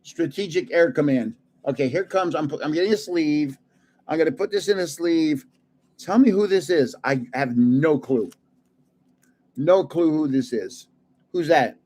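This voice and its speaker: A man's voice: on the high side, unhurried, darkish tone. An older man hosting a livestream, chatting casually and chuckling at himself as he guesses card names. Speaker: card-collecting livestream host. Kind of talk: casual live chat while opening card packs.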